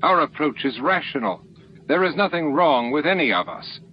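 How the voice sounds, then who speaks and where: A man's voice: fairly high pitch, very animated, normal speed, voice pushed up. A man voicing a blustering, defensive alien leader, on a lo-fi recording with faint hiss.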